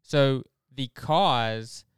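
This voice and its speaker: A man talks through a Bible passage in a casual, earnest way, building his point and rushing through asides. His voice is very smooth and clear, and the recording is dry and close. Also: mid-range voice, no echo. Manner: earnest, explanatory, animated with quick asides. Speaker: podcast co-host. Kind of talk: casual Bible study discussion.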